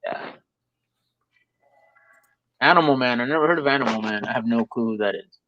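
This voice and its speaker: A young man chatting casually on a live stream, laid-back and quick to laugh, with lots of fillers. His voice sits at a middling pitch. The sound is dry and a bit dull, like a lo-fi mic. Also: no echo. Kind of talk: casual chat.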